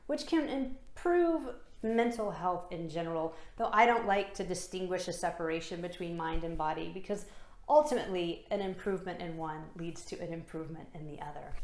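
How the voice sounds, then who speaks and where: A laughter yoga leader, a woman with a slightly low voice, talks listeners through the exercises in a calm, encouraging way. The sound is roomy and echoey. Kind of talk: instructional talk with guided exercises.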